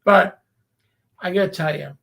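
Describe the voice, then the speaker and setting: A man's voice: high voice, measured pace, creaky, fairly bright tone. A man from Revere, a guest telling stories in casual chat and acting out the people he quotes. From Revere, Massachusetts. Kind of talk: casual storytelling.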